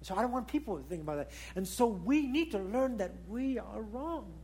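A pastor delivers an emphatic sermon in non-native English, packed with rhetorical questions. His husky voice swings widely in pitch, climbing to loud high peaks and dropping to quiet low asides, all at a brisk pace.

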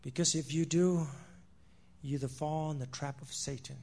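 A preacher with a notably high voice for a man. He drives his sermon with fervor, swells to loud declarations, then drops to a near hush, repeating his phrases for weight. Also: fairly even intonation, normal speed, creaky. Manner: impassioned, swinging between loud declarations and hushed asides; repeats phrases for emphasis, addresses listeners as "my friend".

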